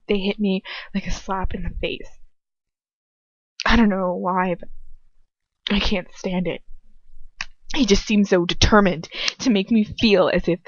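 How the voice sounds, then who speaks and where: A woman's voice: medium pitch, husky, dry recording, muffled recording. A woman reading first-person fan fiction aloud at home, stopping for chatty asides and laughing at herself. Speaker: amateur audiobook reader.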